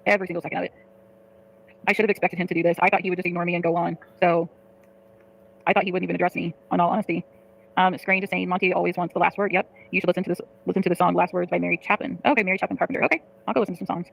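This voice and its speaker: A woman livestreaming, venting to her chat in a fast, profane, frustrated way and reading out comments. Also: fairly low pitch, flat delivery, gravelly, poor audio.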